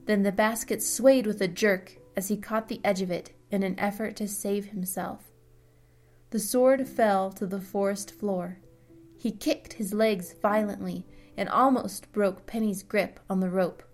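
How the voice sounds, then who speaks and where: A woman narrating a fantasy story in a steady storytelling manner. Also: medium pitch, a little slow, faint music behind. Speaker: audiobook narrator. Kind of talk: scripted narration.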